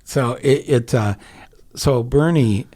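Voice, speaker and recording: A man's voice: mid-range voice, slow pace, mellow. Rambling man hosting a chatty podcast. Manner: rambling, lots of restarts and fillers, jokey asides. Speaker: podcast host. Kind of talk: casual conversation.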